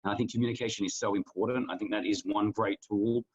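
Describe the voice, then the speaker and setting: A man's voice: lowish voice, steady tone, quick pace, husky, muffled recording. A man co-hosting a podcast, talking earnestly in casual conversation and restarting his sentences often. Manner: earnest, rambling with many restarts. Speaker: podcast co-host.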